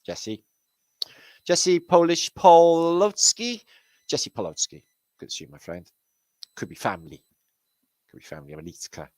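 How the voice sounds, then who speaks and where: A man's voice: extremely low pitch, brisk, pauses often, a bit bright, husky, no room sound. A man hosting his own channel, chatting casually with viewers on a live stream, greeting them by name and swearing freely. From Britain. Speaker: channel host.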